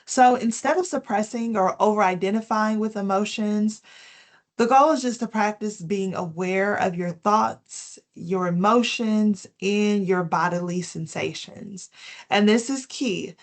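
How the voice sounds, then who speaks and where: A woman presents a wellness lesson in a gentle, explanatory way. She works through prepared tips and then unpacks each one in plain words, with casual fillers along the way. Her voice sits at an ordinary middle pitch. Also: slow pace. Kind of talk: health education talk.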